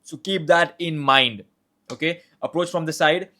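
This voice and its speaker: A man's voice: fairly high pitch, a little slow, bright, forceful tone. A young man teaching conversation skills in a casual, loose way, often restarting and repeating words as he explains. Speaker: communication coach. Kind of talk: casual instructional talk.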